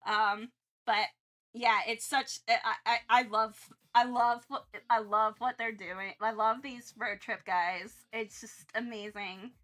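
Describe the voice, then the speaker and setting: A woman's voice: on the high side, steady tone, takes it slowly, pushed and bright. A young woman from North Carolina chatting casually on a livestream, rambling with lots of restarts and fillers. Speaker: art streamer.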